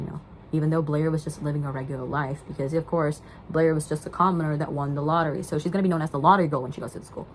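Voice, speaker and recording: A woman's voice: low voice, fairly even intonation, very fast, slight background noise, low-quality recording. A young woman chatting casually as she recaps a movie, rambling with lots of fillers. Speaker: vlogger.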